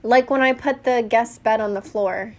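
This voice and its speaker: A woman's voice: on the high side, normal speed, darkish tone. A young woman chatting casually as a podcast co-host, rambling and laughing often. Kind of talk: casual chat.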